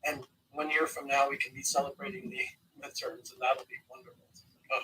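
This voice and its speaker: A man's voice: medium pitch, level tone, fairly quick, pushed and bright, slight background noise, low-quality recording. A man calling in to a live show, chatting enthusiastically about politics and laughing often. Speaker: caller. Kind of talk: casual political chat.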